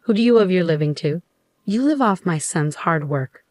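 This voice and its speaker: A woman's voice: on the low side, lively intonation, moderate pace, a little mellow, close to an everyday voice. A woman voicing a bossy cruel mother-in-law. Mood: ranting. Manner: scolding, commanding.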